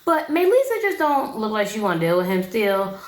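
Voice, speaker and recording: A woman's voice: mid-range voice, big pitch swings, a little fast, echoey room, low-quality recording. A young woman giving a casual, opinionated recap of a reality show in a slangy, chatty way.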